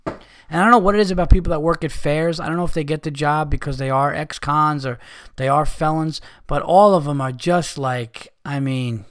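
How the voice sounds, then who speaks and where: A man with a high voice hosts his podcast in a heated, profane rant. He talks with frustration and swears freely throughout. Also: steady tone, brisk. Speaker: podcast host. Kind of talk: ranting podcast monologue.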